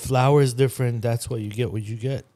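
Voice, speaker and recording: A man's voice: mid-range voice, moderate pace. Man telling stories with laughs. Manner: animated storyteller who laughs through his stories. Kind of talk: casual chat.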